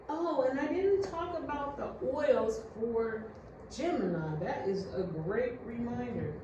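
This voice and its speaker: A woman's voice: medium pitch, muffled recording. A woman giving a casual how-to chat to her viewers, loose and talkative, calling them "you guys". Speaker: spiritual vlogger. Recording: very echoey room, far from mic, noisy.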